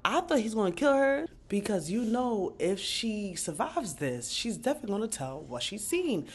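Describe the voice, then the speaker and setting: A woman giving a casual, animated recap of a TV episode, slangy and profane, breaking into bursts of disbelief. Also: medium pitch, moderate pace. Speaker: TV recap vlogger.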